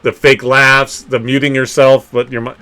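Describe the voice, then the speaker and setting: A man hosts a casual streamed podcast with a bright, forward voice. He tells animated stories, swears freely and laughs often. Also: mid-range voice, normal speed. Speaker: podcast host. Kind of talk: casual livestream podcast chat.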